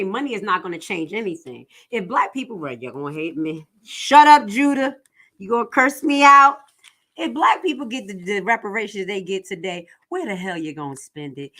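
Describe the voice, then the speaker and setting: Profane, animated woman streamer. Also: mid-range voice. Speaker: livestream host. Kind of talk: uncensored livestream commentary.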